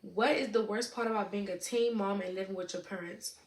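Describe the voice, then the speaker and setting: A young woman in her late teens chatting casually to camera, answering viewer questions in a relaxed way, with lots of "you know what I'm saying.". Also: mid-range voice, fairly quick. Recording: echoey room with faint noise.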